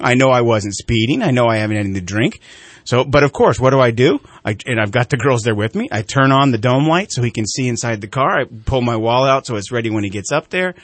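A man's voice: mid-range voice, dry recording. A middle-aged man hosting a talk show, telling a casual story and acting out the voices of the people in it. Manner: animated storyteller, acts out quoted voices.

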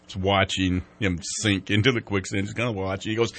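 Male talk host, husky and low, lively joking delivery. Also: brisk. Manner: joking, rambling storyteller. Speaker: TV morning show host. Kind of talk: casual chat.

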